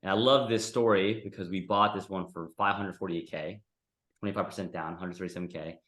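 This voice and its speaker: A man's voice: low-pitched, steady tone, brisk, a bit bright, reverberant. A man teaching a real estate investing class in a casual, conversational way, often tagging sentences with "right?". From United States.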